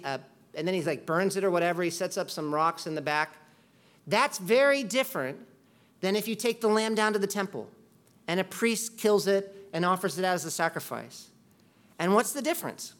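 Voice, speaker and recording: A man preaching a conversational sermon as a pastor, talking loosely with lots of "like" and bursting into loud quoted voices. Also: high-pitched. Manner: chatty, peppered with "like", jumps into loud quoted voices.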